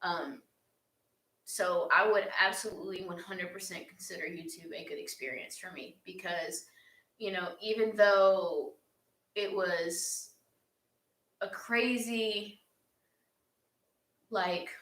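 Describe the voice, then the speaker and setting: A woman's voice: lowish voice, slow pace, long pauses, a bit bright. A young woman answers fan questions in an earnest, heartfelt casual chat, with laughs along the way. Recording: echoey room.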